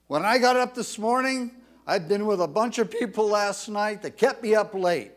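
A man preaching a sermon, swelling to loud, emphatic declarations when he quotes scripture. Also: high-pitched, moderate pace. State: tired from little sleep. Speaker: pastor.

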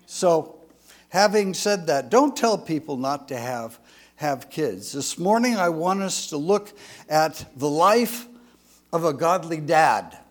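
A man's voice: fairly high pitch, expressive, slow pace. An older man in his sixties preaching a folksy sermon, chatty and rambling, with jokes and asides.

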